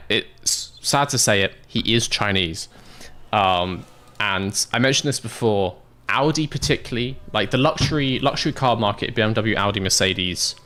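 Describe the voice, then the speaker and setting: A man's voice: on the low side, a bit bright. A British man streaming a game, chatting casually with viewers, laughing often. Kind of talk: casual livestream chat.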